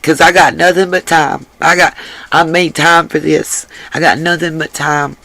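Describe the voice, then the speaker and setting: A woman hosting a casual livestream and reading the chat aloud, drained, her voice rough from crying, earnest and emphatic and given to repeating herself. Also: sits low, steady tone, moderate pace, sharp tone, dry recording, rough recording. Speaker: livestream host.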